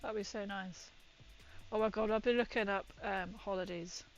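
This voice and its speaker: A woman's voice: mid-range voice, fairly even intonation, moderate pace, dull audio, soft background music. A woman painting miniatures and chatting with viewers in a rambling, giggly way. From Britain. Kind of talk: casual chat while painting.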